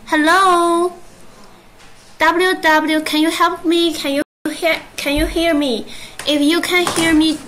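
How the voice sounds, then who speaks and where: A woman with a Chinese accent hosting a live-stream sales presentation in English, halting and repeating her greetings. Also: extremely high pitch, flat delivery, fairly bright tone, a little hiss or hum, rough recording. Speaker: livestream sales host.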